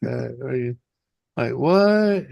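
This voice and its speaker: A laid-back man hosting a casual chat with friends. He talks slowly and easily, chuckling along and swearing mildly. His voice sounds dry and close, with no room around it. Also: medium pitch, expressive, gravelly, no room sound, lo-fi sound. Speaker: host of a friends' hangout stream.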